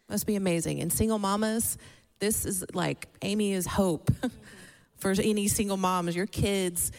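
Woman, church leader, slow delivery, gushing praise, echoey hall. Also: mid-range voice, fairly even intonation. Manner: enthusiastic, repeats praise, laughs. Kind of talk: warm encouragement to congregation. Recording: long hall reverb.

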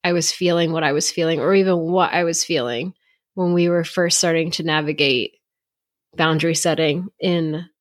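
Female co-host, lower-middle pitch, relaxed chat with dry humor. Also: moderate pace. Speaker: podcast co-host. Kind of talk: casual chat.

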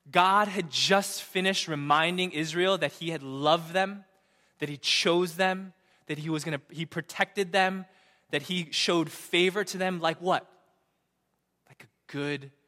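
A young male pastor preaches in a bright, slightly high voice. He is emphatic and keeps checking in with "right?", swinging from loud to hushed. His words ring out with a long hall reverb. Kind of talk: sermon.

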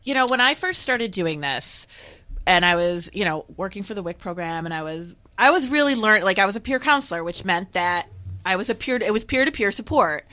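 Young woman co-host, casual podcast chat, bright voice, filler-heavy storyteller. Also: mid-range voice, lively intonation, brisk. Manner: chatty, full of fillers and acted-out quotes. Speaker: podcast co-host, former peer counselor.

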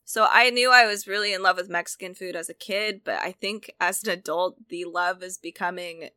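A woman's voice: fairly low pitch, steady tone, fairly quick, bright, forceful tone, clear, resonant tone, no room sound. A woman co-hosting a casual chat, talking about cookbooks with enthusiasm and frequent restarts. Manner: enthusiastic, chatty, self-correcting. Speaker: co-host reviewing cookbooks.

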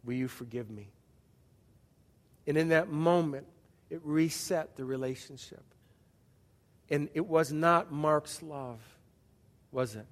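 A man's voice: a little high, takes it slowly, long pauses, long reverb tail. A man pastor preaching a sermon in a conversational way, often asking the audience questions and restarting his sentences.

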